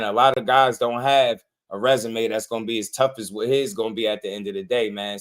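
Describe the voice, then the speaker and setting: Animated man ranting in slang. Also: fairly low pitch. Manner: animated, repetitive, slangy, calls listeners bro. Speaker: boxing channel host. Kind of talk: casual commentary.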